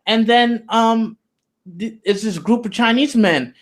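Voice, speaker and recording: A man's voice: extremely high pitch, measured pace. A man being interviewed, telling a story in loose, slangy, profane casual talk with lots of "you know". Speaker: interview guest.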